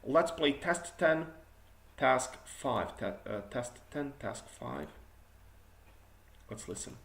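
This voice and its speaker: A man's voice: medium pitch, expressive, takes it slowly, gravelly, a bit bright, echoey room. A man teaching an exam prep class, reviewing student answers and showing how to phrase them better. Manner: corrective, demonstrates better phrasing.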